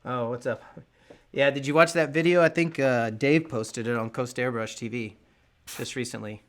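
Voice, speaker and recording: A man's voice: mid-range voice, fairly even intonation, moderate pace. A man chatting casually with viewers while painting live, rambling a little as he works.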